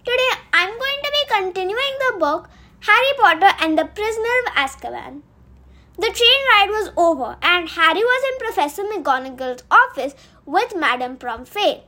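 A woman's voice: very high voice, sing-song, moderate pace, pushed and bright. A woman hosting a podcast, retelling a book in a chatty way with fillers and asides. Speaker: podcast host.

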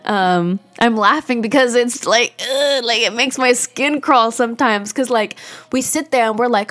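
Speaking at a normal pace in a fairly bright, somewhat high voice, a young woman rambles through a personal podcast monologue. She's candid and confessional, leaning heavily on "like."

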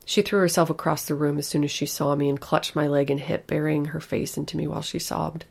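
A woman narrating a first-person horror story in a steady, flat storytelling manner. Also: low voice, fairly quick, creaky, husky.

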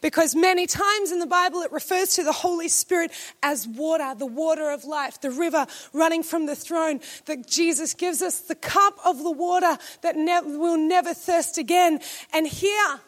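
A woman preacher delivering a sermon to her church, emphatic and at times rising to shouted declarations. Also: extremely high pitch, moderate pace.

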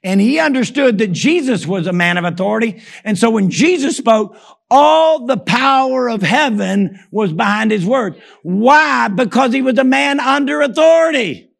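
A pastor preaching with a high, gravelly voice. He punches key lines up to a shout, then sinks into near-whispered asides, and keeps calling on the congregation with a quick "Amen?". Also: animated. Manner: emphatic preaching, repeated call-and-response "Amen?"; rises to shouts for emphasis, drops low and soft. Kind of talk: sermon.

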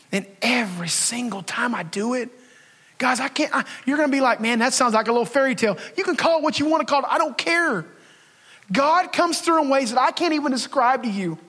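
A man's voice: high-pitched, a little fast, bright, forceful tone, husky. A man preaching a casual, emphatic sermon as pastor, talking to the congregation and acting out his prayers to God. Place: church sanctuary. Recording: long reverb of a church hall.

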